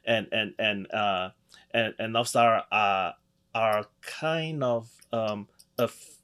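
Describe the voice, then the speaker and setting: A man co-hosting a casual podcast chat, talking haltingly with many restarts and chuckles. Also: on the low side, bright, forceful tone, smooth. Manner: halting, restarts and laughs often. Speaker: podcast co-host. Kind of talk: casual chat about comics.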